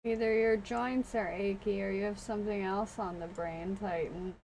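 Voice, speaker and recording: A woman's voice: mid-range voice, fairly even intonation, normal speed, creaky, a little mellow, slight background noise, poor audio. A woman streamer chatting casually while coding, laughing often and swearing now and then.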